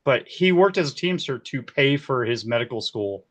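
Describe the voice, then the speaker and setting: A man in his forties, a key grip, telling set stories in a casual interview, animated and quick to laugh. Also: mid-range voice. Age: 40s. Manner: animated, laughs often, acts out quoted voices. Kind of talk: casual storytelling.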